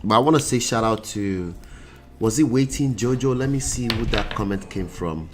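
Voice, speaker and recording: A man's voice: lowish voice, animated, moderate pace, soft background music. Congested man hosting a casual livestream. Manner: chatty, greets viewers by name. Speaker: relationship coach and show host.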